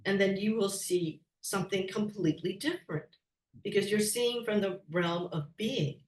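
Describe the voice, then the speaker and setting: A woman speaking as a guest on a spiritual talk show, gentle and measured. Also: mid-range voice. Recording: echoey, distant from the mic.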